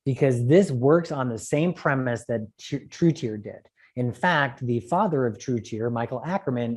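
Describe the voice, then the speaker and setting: Animated man giving a medical lecture. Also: mid-range voice. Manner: animated, joking asides, quick digressions. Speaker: optometrist lecturer. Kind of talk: conference lecture.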